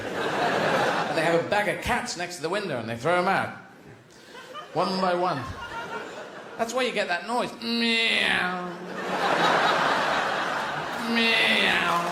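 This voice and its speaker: A man doing a stand-up comedy routine on stage, rambling and animated, often slipping into silly voices. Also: high voice, reverberant, big-room sound, background noise. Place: theatre stage before a live audience.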